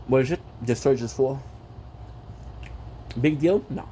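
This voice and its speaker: A man's voice: mid-range voice, a little slow, pauses often, mellow, slight background noise. A man chatting casually on a gaming livestream, playful and rambling, tossing in French phrases. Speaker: gaming streamer.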